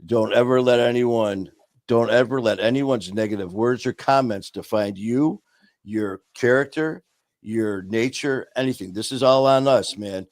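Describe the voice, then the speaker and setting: A man co-hosting a casual recovery talk show, speaking earnestly and telling personal stories, dropping quieter on painful moments. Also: medium pitch, a little slow, no room sound. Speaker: podcast co-host.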